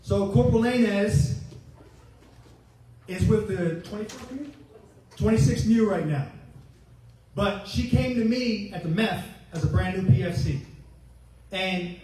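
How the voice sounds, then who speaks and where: A retiring Marine master gunnery sergeant in his forties speaks at his own ceremony, joking and telling stories as he acts out his own past remarks. His voice sits a little high for a man. He is heard from far off in a very echoey hotel ballroom. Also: a little slow, long pauses, dark tone. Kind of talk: humorous ceremony speech.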